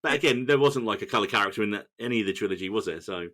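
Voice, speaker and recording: A man's voice: on the low side, rapid-fire, fairly bright tone. A man co-hosting a film podcast, picking apart scenes with wry jokes in casual chat. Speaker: podcast co-host.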